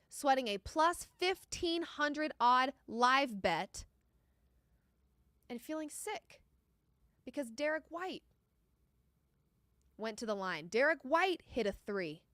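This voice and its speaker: A woman's voice: high voice, fairly bright tone, no echo, studio quality. A young adult woman hosting a live sports reaction stream, emotional and pleading as a bet goes wrong. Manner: emotional, groaning and pleading over a losing bet. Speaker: sports betting show host. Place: sports studio. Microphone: studio microphone.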